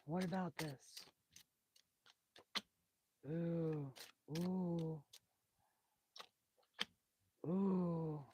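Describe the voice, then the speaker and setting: A soft-spoken woman reading tarot on a live stream, with a breathy, whispery voice that drifts into whispers and carries lasting damage from intubation. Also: sits low, slight background noise. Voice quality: breathy, whispery, hoarse-edged voice. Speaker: tarot reader.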